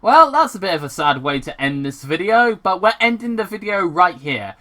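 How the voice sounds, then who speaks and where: A man's voice: high-pitched, normal speed. Rambling, swearing man reading fan fiction. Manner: rambling and excitable, swears, stumbles and restarts often.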